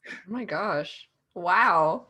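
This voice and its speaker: A woman's voice: lowish voice, expressive, drawn-out words, sharp tone, husky. A woman co-hosting a podcast in casual chat, reacting to the guest with enthusiastic exclamations. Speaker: podcast co-host.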